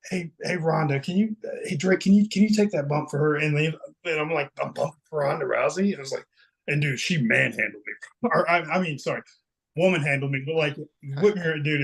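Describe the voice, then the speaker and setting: A man's voice: a little high, creaky, rough recording. A man as guest on a casual chat show, telling a rambling story, swearing freely and getting emotional.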